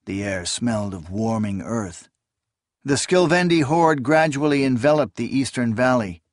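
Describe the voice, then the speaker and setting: A man narrating a fantasy novel in a steady, measured storytelling voice. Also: mid-range voice, no echo, clean studio sound. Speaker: audiobook narrator.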